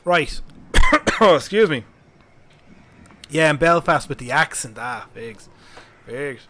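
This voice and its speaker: A man's voice: a little high, big pitch swings, takes it slowly, bright, forceful tone. An Irish man streaming a strategy game at home, chatting casually with viewers, laughing often and thinking aloud. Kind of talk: casual live-stream chat. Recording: noisy background.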